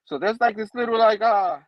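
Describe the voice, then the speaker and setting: A man's voice: high-pitched, no room sound, dull audio. A man hosting a casual comic book review show, laughing often and saying "you know what I mean" again and again. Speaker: host.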